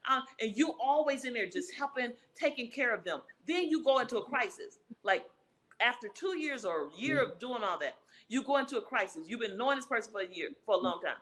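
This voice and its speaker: A woman's voice: fairly high pitch, expressive, brisk, fairly bright tone, poor audio. A woman relationship expert answering interview questions in an emphatic, preacher-like way, repeating her key phrases.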